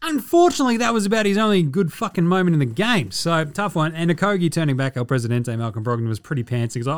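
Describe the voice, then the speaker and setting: Sweary Australian man, lively sarcastic banter. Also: on the high side, quick pace. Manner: swears a lot, sarcastic and animated. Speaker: podcast host. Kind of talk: casual sports chat.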